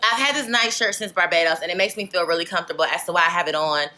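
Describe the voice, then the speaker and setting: A woman's voice: on the low side, racing, pushed and bright. A young woman vlogger chatting candidly to camera, rambling and filling with "like" and "legit". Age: young adult. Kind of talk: casual chat to camera.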